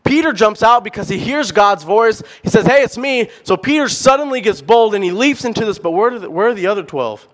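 A young man preaching a sermon, animated and emphatic, firing off rhetorical questions and repeating words. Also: sits high, a little fast, hardly any pauses.

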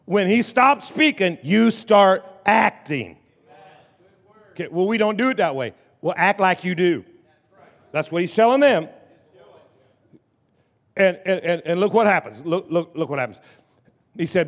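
A man's voice: fairly high pitch, brisk. Male pastor preaching in a reverberant hall. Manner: preaching with lively call-and-response, coaxing the crowd to shout. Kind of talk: sermon. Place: church sanctuary. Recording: long church hall reverb.

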